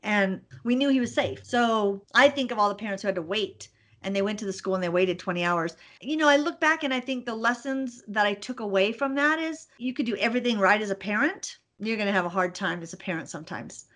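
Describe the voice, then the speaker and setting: A woman's voice: medium pitch, brisk, fairly bright tone. A woman guest in an interview, telling personal stories in an earnest, reflective way and laughing easily. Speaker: interview guest, business speaker. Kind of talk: reflective storytelling.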